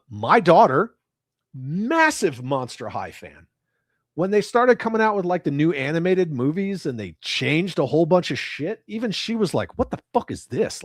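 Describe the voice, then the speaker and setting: A man's voice: fairly high pitch, no room sound, studio quality. A middle-aged man hosting a casual livestream, ranting with heavy profanity and reading chat messages aloud. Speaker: livestream host.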